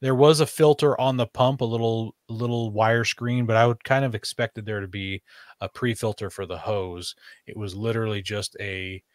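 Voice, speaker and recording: A man's voice: lowish voice, fairly even intonation, normal speed, dry recording, clean studio sound. A man chatting casually on a podcast, rambling with fillers and restarts. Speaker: podcast host. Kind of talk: casual chat.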